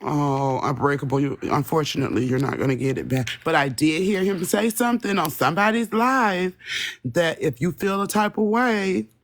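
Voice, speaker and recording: At a moderate pace and in a low voice, a woman running a live stream talks directly to her viewers. Her talk is casual, profane and rambling.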